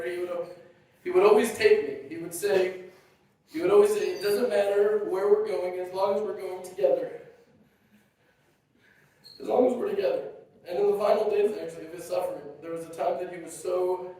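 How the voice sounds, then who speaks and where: A man giving a heartfelt eulogy for his father at a funeral, speaking in a halting, emotional way with touches of warm humor. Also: high-pitched. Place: funeral gathering. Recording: very echoey, far from the mic.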